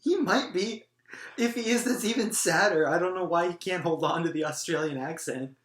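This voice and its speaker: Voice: medium pitch, moderate pace. A co-host of a movie review show, talking in a casual, chatty and opinionated way. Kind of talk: casual podcast chat. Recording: echoey room.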